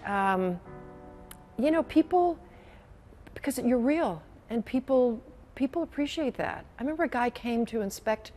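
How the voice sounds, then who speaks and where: A woman in her sixties, a longtime TV news anchor, telling stories in a reflective, emotional conversational interview and often repeating her phrases. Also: medium pitch. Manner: animated, emotional storyteller who repeats phrases.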